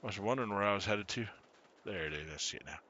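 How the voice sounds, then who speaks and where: A man giving casual commentary while streaming a farming game, chatty and quick to laugh as he greets his viewers. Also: fairly low pitch, bright, forceful tone, highs cut off, a little hiss or hum. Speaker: gaming streamer.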